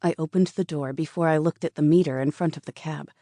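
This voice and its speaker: A woman's voice: low-pitched, fairly even intonation, quick pace, warm tone, no echo, clean studio sound. A woman narrating a first-person romance audiobook in an earnest, intimate way.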